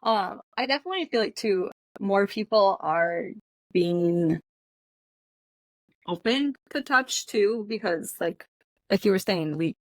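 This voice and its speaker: A woman esthetician talking as a guest on a podcast, relaxed and casual with lots of filler words. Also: medium pitch, slow, no echo. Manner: relaxed, talks with many likes and fillers. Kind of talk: casual chat.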